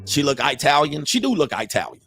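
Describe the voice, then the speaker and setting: A man's voice: fairly high pitch, very animated, a little fast, gravelly, a bit bright. A middle-aged man hosting a commentary show, reacting to interview clips in a blunt, slangy, profane way. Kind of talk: casual commentary.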